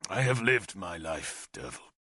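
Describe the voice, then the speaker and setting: A man's voice: low-pitched, sing-song, unhurried, sharp tone, no echo, clean studio sound, pitched below the performer's own voice, full character voice. A man reading the part of a grieving, oath-bound middle-aged warrior king, grave and brooding. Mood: anguished. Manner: grave and brooding, breaking into weeping and rage.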